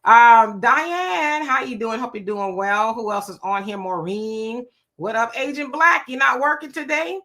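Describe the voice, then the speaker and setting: A woman's voice: fairly high pitch, a little slow, pushed and bright. A woman hosting her own live stream show, chatting casually and greeting viewers by name. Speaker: livestream show host.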